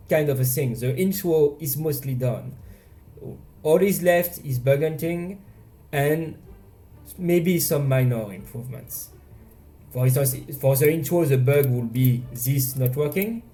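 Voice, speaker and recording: A man with a French accent casually narrating his indie game devlog, self-deprecating and halting with frequent restarts. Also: mid-range voice, warm tone. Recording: faint game music behind.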